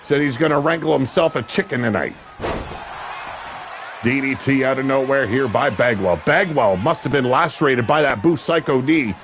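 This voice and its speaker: A man calling a wrestling match play-by-play, brash and crude, with sudden shouted bursts of excitement. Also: medium pitch, normal speed, noisy background. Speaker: wrestling commentator. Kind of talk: play-by-play commentary. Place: seated at a ringside commentary table.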